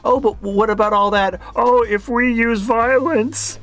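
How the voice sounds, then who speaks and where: Brief: a man playing a timid, preachy man, high, pleading and stammering. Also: steady tone, unhurried, fairly bright tone, faint music behind. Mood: whiny. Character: whiny, timid man, a preachy political moderate.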